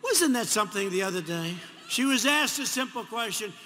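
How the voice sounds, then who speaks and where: 70s guy w/ new york accent ranting at a rally, repeats himself, mocks folks, bright forceful voice, big echoey arena. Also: high-pitched, expressive, normal speed. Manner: rambling, repetitive, mocking asides. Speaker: politician. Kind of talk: campaign rally speech. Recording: echoey arena, faint crowd noise.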